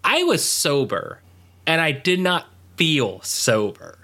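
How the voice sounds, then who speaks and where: A man's voice: fairly high pitch, sing-song, slow pace, pushed and bright. A man co-hosting a podcast, recapping a show in casual chat and rambling with many fillers. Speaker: podcast co-host.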